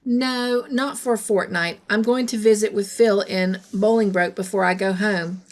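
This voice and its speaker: A woman reading the lines of a dreamy, emotional young woman in a storybook, halting and stammering. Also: mid-range voice, steady tone, close to an everyday voice.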